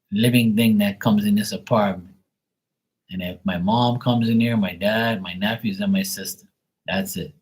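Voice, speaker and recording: A man's voice: lowish voice, a little mellow, rough recording. A man chatting casually on a live tarot stream, blunt and swearing freely. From Bermuda.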